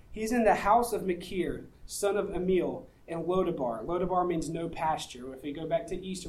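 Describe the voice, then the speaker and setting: A pastor with a high voice preaches a sermon over poor audio. He reads scripture, explains it conversationally and puts rhetorical questions to the audience.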